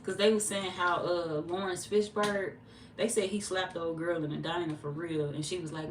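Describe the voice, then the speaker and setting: A woman's voice: lowish voice, normal speed, recorded from a distance. Chatty storytelling woman in an echoey room. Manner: animated storyteller, cussing freely, acting out quotes. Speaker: tarot reader streaming live. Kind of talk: casual livestream chat. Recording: echoey room, off-mic, faint hum.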